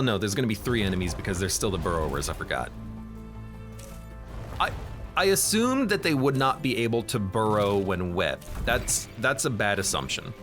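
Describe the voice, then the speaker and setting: A man streaming a strategy game, thinking aloud as he plans each move and often correcting himself. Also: on the low side. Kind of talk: live game commentary.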